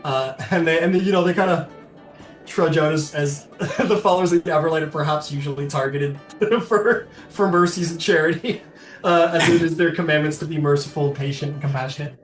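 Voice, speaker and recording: A man narrates a tabletop game as its game master, chatty and loose, breaking into laughter often. His voice sits a little high. The room is echoey, with faint music playing behind. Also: brisk.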